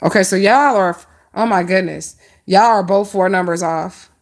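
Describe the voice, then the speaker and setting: At a moderate pace and medium pitch, a woman speaks straight to her stream audience while giving casual tarot readings. Her style is chatty and slangy.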